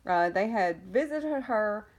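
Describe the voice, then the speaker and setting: A woman's voice: medium pitch, expressive, slow. A woman giving a casual vlog update on her foster kittens, rambling with many ums, cooing at the cats now and then, and coughing while she gets over an illness. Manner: coos affectionately at the kittens. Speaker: cat rescuer and foster carer.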